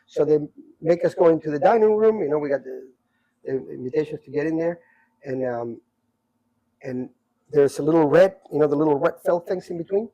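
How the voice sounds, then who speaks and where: Here a middle-aged man shares life stories conversationally, replaying people's words with lots of repetition and energy. He sounds slightly high and a bit quick, and the audio is dull.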